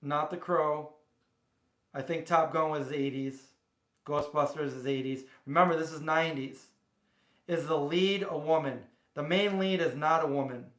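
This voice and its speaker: A man's voice: a little high, steady tone, moderate pace, fairly bright tone, roomy sound. A man hosting a casual livestream from his home kitchen, rambling and chatting directly with viewers. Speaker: livestream host. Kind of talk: casual chat.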